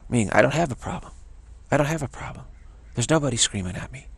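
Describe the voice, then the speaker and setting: A man's voice: mid-range voice, animated, fast talker, creaky, slightly rough. A middle-aged man teaching a self-development practice in a motivational talk, emphatic and repeating phrases for stress.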